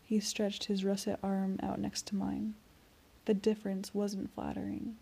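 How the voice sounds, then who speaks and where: A woman reads a novel aloud in the first person, keeping her delivery soft and even. Her lines sometimes sink almost to a whisper. Her voice is mellow, gravelly and a little husky. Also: medium pitch, a little slow. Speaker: audiobook reader. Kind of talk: amateur first-person audiobook narration.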